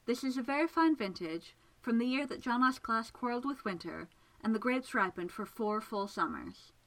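A woman's voice: fairly high pitch, animated, moderate pace, a bit bright. A woman reading the part of a confident, amused female magician in a story, speaking in a teasing, assured way. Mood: playful. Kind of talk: audiobook character reading.

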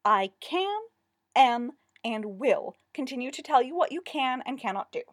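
A woman's voice: a little high, very animated, a little slow, slightly rough, no room sound, studio quality, exaggerated voice. A woman voicing a firm, no-nonsense female festival business director in a story reading. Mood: stern. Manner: firm, sternly patient.

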